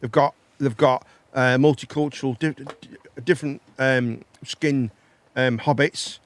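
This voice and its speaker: A man hosting a live online chat show, rambling and animated, often laughing. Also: medium pitch, unhurried. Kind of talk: casual chat.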